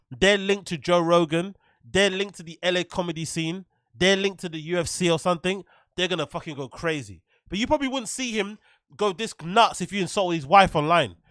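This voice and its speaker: A man's voice: high voice, fairly bright tone, dry recording, studio quality. Sweary man ranting on stream. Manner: sweary, laughs often. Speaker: livestream host. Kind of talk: ranting commentary.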